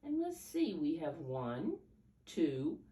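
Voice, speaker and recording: A low-pitched, mellow voice belongs to an older woman who speaks slowly, her pitch swooping wildly as she reads picture books to small children. Teacher-like and coaxing, she counts along and asks them questions; the mic sits far off in an echoey room with a faint background hum.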